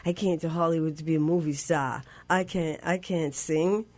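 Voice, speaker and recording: A woman in her sixties, a guest on a radio show, tells a story with frequent laughter, leaping into a squeaky high voice when playing her younger self. Her tone is steady and somewhat dark, at a moderate pace.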